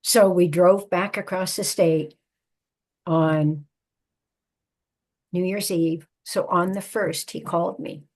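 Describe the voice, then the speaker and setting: Older woman guest, husky lowish voice, recounting a personal story in an interview. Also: steady tone, darkish tone. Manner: measured, reflective storytelling. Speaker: guest, psychotherapist and author.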